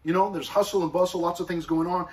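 A male pastor delivers a sermon in a loose, storytelling way and wanders into casual asides. His voice sits a bit high for a man. He sounds somewhat distant from the microphone. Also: steady tone, fast. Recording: voice far from the mic.

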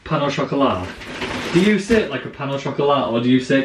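A man's voice: medium pitch, animated, fast talker, a little hiss or hum. A young man in casual, playful banter with his partner at home, often mock-serious. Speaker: vlogger. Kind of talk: casual chat. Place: home kitchen, indoors. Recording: echoey kitchen from a distance.

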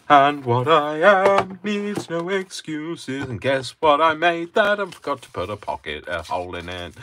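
Deep-voiced man, chatty crafter. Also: noisy background. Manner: chatty, wry and joking. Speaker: crafting host. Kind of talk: live crafting tutorial chat.

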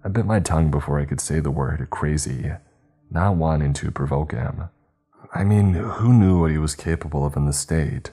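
A man narrating a horror story in a measured, tense way. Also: rumbling low, warm tone, breathy edge. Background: faint background music.

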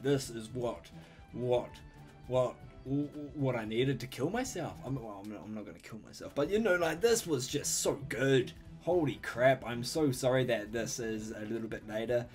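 A young man hosting a reaction video, gushing and swearing freely as he reacts with excitement. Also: medium pitch.

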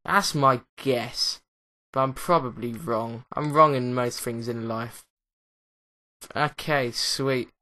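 A young man with an English accent gives rambling, excitable let's play commentary, often mocking himself. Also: mid-range voice, slow. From England. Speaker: gaming commentator.

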